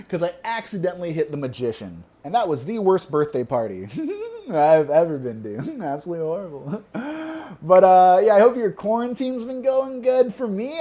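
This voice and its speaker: A young man performing a stand-up comedy set, delivering deadpan one-liners and laughing at his own jokes. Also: on the high side.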